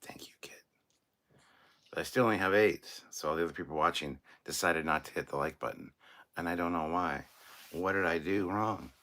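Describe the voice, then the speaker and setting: A man's voice: low voice, brisk, sharp tone. A man in his forties hosting a live stream, chatting casually and joking as he reads viewer comments aloud. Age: 40s.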